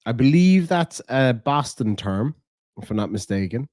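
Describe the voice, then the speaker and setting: A man's voice: fairly low pitch, slow, a little mellow, clean tone, dry recording, studio quality. A man with an Irish accent chatting casually on a live stream, rambling, cursing and reading chat aloud. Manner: rambling, swears a lot, reads chat aloud.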